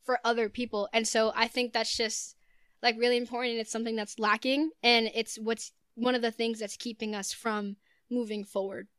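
A woman's voice: a little high, little pitch movement, normal speed, a bit bright, clean tone, no echo, clean studio sound. A young woman talking earnestly as a podcast guest, with frequent "like" fillers. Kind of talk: casual podcast chat.

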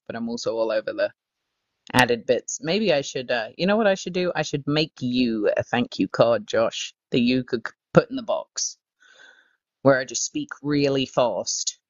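A woman's voice: a bass voice, no room sound. Playful woman with dull lo-fi sound. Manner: playful, teasing, quick sales patter. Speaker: co-host promoting merch. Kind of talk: casual livestream chat.

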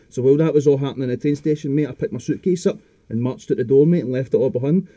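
A man's voice: mid-range voice, fast talker, warm tone, no echo. A young Scottish man telling a long rambling story in casual chat, swearing constantly and restarting his sentences. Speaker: podcast guest.

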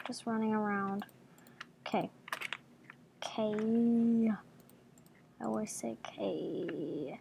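A woman casually commenting on her own gameplay, talking to herself with jumpy reactions and soft murmured asides. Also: mid-range voice, steady tone, slow, vocal fry, long pauses, slight background noise. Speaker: gaming video creator.

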